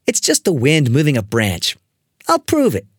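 A stubborn young boy who brushes off danger with a scoffing tone, in a storybook reading, as a storyteller voices him. The voice is lively and a touch husky, recorded dry and close. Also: mid-range voice, moderate pace, no room sound. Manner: scoffing, then hissing in fright.

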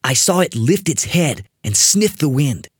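Brief: lively, husky storyteller reading a spooky kids' story, dry close mic. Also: medium pitch, measured pace, no echo. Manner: expressive, building suspense. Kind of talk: dramatic read-aloud of a spooky children's story.

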